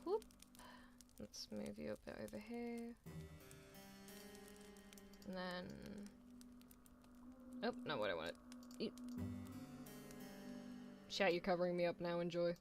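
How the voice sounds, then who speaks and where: A woman's voice: lowish voice, expressive, slow, gravelly, pauses often, music in the background. A woman streamer reading a visual novel aloud and chatting playfully with her viewers. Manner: playful, giggly asides to chat.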